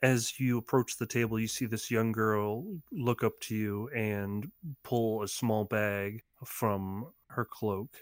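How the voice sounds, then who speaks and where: A man narrating as game master of a tabletop game in a relaxed, descriptive way. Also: on the low side, slow, few pauses, clear, resonant tone, no room sound, clean studio sound.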